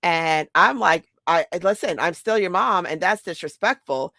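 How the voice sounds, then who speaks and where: A middle-aged woman talks straight to the point in a blunt casual monologue. Her mid-pitched voice has a gravelly edge. The sound is close and dry with no room echo. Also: moderate pace. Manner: blunt, animated, quotes others in acted voices. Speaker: mother and podcast host.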